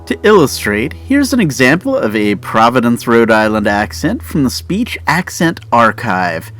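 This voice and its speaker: A male host giving a scripted narration with an animated, expressive delivery. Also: medium pitch, a little slow, soft background music.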